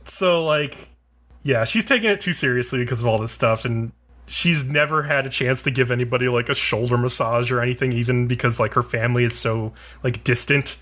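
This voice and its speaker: A man's voice: mid-range voice, brisk, a bit bright. A man co-hosting a podcast, casually recapping an anime episode in a rambling, filler-heavy, profane way. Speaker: podcast co-host.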